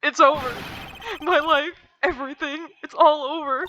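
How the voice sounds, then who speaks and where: A woman's voice: high-pitched, steady tone, moderate pace, bright, forceful tone, a little hiss or hum, pitched above the performer's own voice. A woman voicing a panicking young male murder suspect, wailing and melodramatic. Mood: despairing.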